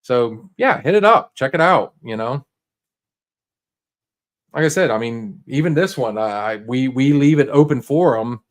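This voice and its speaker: Man, livestream host, casual and rambling, mid-pitched, lots of restarts. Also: lively intonation. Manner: rambling, halting, many restarts and fillers; laid-back and encouraging, talks straight to viewers.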